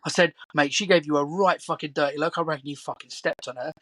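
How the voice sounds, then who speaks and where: A man's voice: on the high side, steady tone, sharp tone, no room sound. A man, a guest on a podcast, telling a story with laughs and swearing. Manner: laughing, swearing, quick interjections. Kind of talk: casual storytelling chat.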